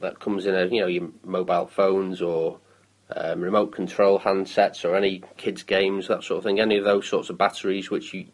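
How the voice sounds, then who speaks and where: A man's voice: low-pitched, little pitch movement, normal speed, rough recording. A man in his thirties from the UK, chatting on a local show about council recycling with many ums and restarts. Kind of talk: casual radio chat.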